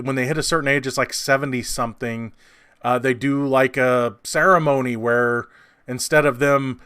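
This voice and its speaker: Rambling man with a smooth, dry voice. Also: medium pitch, fairly bright tone, no room sound. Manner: rambling, many fillers and restarts. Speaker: movie reviewer. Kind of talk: casual film review monologue.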